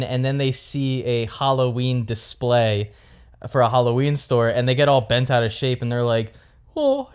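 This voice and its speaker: A man's voice: mid-range voice, smooth. A young man co-hosting a casual film review podcast, joking, laughing often and arguing playfully. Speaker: podcast co-host.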